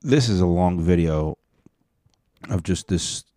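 Deep-voiced, blunt reaction host. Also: male voice, animated, slow, warm tone, no echo, clean studio sound. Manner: blunt, profane, sarcastic asides. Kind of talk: casual reaction commentary.

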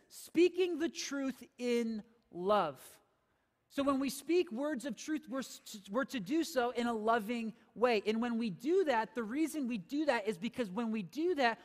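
Pastor guy preaching, really high voice, big echoey church hall. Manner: emphatic preaching with rhetorical questions to the congregation. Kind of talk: sermon. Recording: long hall reverb.

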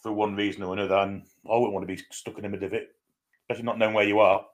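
A man's voice: fairly low pitch, flat delivery, racing. A man co-hosting a casual fan chat show, chatty and agreeable. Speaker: co-host of a football fan show. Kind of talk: casual live-stream chat.

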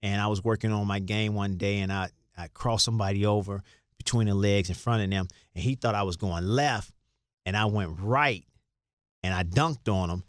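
A man's voice: fairly low pitch, normal speed, dry recording, studio quality. An older man from Chicago, a former player telling rambling stories in a casual interview. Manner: rambling, restarts, acts out quoted lines. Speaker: guest, former basketball player.

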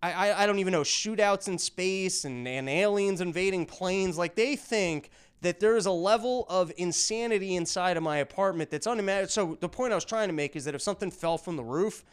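A man's voice: high-pitched, fairly quick, few pauses, smooth. A man hosting a podcast, talking in a rambling monologue full of sarcastic jokes. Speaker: podcast host.

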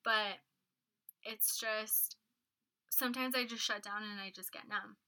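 A woman's voice: mid-range voice, fairly even intonation, a little slow, bright, forceful tone, low-quality recording. A woman chatting casually and candidly, rambling a little and swearing now and then. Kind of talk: casual chat.

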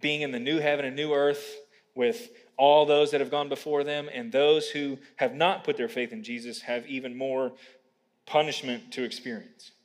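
A man's voice: mid-range voice, level tone, moderate pace, big-room sound. A man preaching a sermon as pastor, earnest and rising to emphatic peaks, with ums in his asides.

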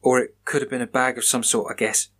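A man's voice: mid-range voice, flat delivery, quick pace, a bit bright, husky. A man voicing a frightened young man who speaks shakily and stammers. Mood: shaken. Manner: shaky, stammering.

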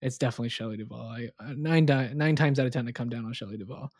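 Laid-back co-host with a mellow, dark voice, dry wit, close and dry recording. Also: mid-range voice, very fast, breathy edge, dry recording. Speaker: podcast co-host. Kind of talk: casual film chat.

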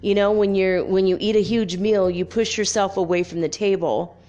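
This Californian podcast host speaks at medium pitch and normal speed, her tone steady and dark, in a casual spiritual monologue packed with fillers and rambling. The audio is dull, with soft music in the background.

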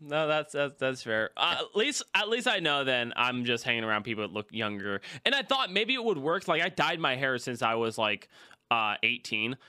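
Lively, bright-voiced male podcast host. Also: mid-range voice, normal speed, clean tone, no echo, studio quality. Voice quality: blurs some consonants, mixes P and B sounds. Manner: animated, laughs often, swears casually. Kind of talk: casual podcast chat.

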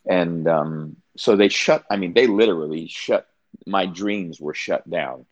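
A man's voice: low-pitched, a little slow, no room sound. An older man, a pastor, telling a personal story as an interview guest, earnest and often restarting his sentences.

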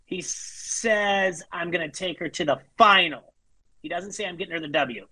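Podcast co-host, casual chat, husky, argues a point, quotes others, dry close sound. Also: mid-range voice, normal speed, no room sound, poor audio. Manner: argumentative, builds a point, quotes people, trails off quietly. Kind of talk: casual chat recapping a reality show.

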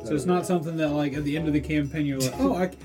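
A man's voice: a little high, steady tone, very fast, music in the background. A man running a tabletop game as game master, narrating in a loose, playful way.

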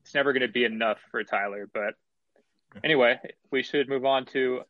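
A man's voice: mid-range voice, fairly quick. Man in his twenties, dull lo-fi mic. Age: 20s. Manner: relaxed, opinionated, talks in long run-on thoughts. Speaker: podcast co-host. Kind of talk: casual music-review chat.

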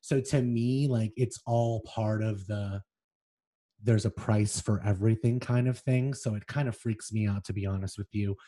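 Expressive man reading aloud on a podcast. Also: on the low side, normal speed. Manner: reads excerpts aloud with feeling, then chats loosely. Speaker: podcast co-host. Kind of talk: casual chat with dramatic book reading.

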